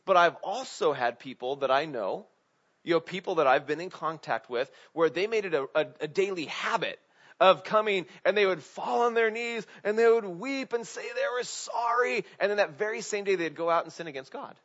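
Casual preacher, man, a bit high. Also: normal speed, a bit bright. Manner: casual, asks the congregation questions, many "like" fillers. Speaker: pastor. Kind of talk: conversational sermon. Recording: dull lo-fi recording.

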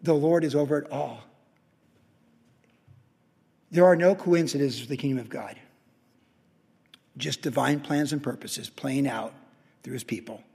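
Husky pastor preaching in a hall. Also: male voice, mid-range voice, unhurried, pauses often. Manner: storytelling, swings from quiet to loud excited peaks. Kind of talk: sermon.

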